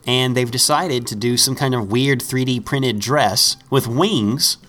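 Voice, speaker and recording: A man's voice: mid-range voice, a little slow, fairly bright tone. A man hosting a casual comedy podcast, reading out odd news items and laughing easily. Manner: reads news items, laughs often, easygoing. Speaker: podcast host.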